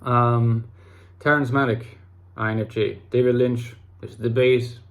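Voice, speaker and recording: A man's voice: medium pitch, steady tone, measured pace. A man hosting an online channel, talking casually to camera in a reflective, rambling way, restarting phrases and using fillers. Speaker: YouTube host talking about personality types.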